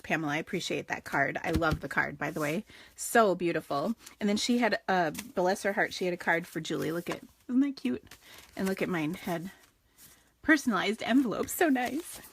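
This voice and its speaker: A woman's voice: lowish voice, normal speed, a little hiss or hum. A woman hosting a casual live craft stream, chatty and gushing with lots of fillers. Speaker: craft show host.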